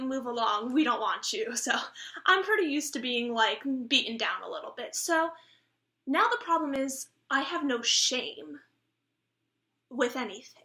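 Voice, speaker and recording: A twenty-year-old actress records a self-tape audition on her camera mic, delivering a blunt, self-deprecating comic monologue she improvises. Her high, bright voice has a forceful edge and echoes in the room.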